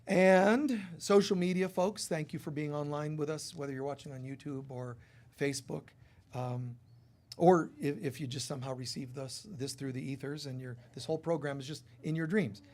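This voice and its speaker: A man's voice: a little high, fairly even intonation, normal speed, a little mellow. Chatty man giving church announcements. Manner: chatty, rambling, with many fillers. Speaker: spiritual teacher leading a church service.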